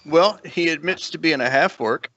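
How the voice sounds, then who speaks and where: A man's voice: fairly high pitch, normal speed, bright, forceful tone, no echo. A man narrating as dungeon master in an easygoing way, laughing often, on dull lo-fi audio. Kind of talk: narrating a tabletop game. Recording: dull lo-fi dry stream audio.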